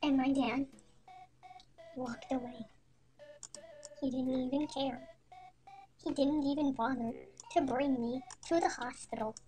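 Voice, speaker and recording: A woman narrating a parody storytime in a quiet, deadpan, mock-serious way. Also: sits high, slow, pauses often. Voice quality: quiet, soft-spoken. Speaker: storytime animator. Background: faint music.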